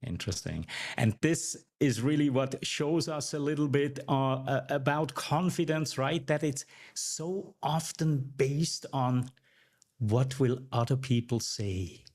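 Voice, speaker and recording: A man's voice: medium pitch, slow pace, darkish tone. Reflective man, a speaking coach. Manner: reflective, tags points with "right?". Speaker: communication coach, guest. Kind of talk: interview answers.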